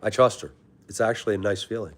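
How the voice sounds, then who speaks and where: A young man hosting a live stream reads chat and casually greets people by name, calling them brother. He talks fast in a fairly low voice.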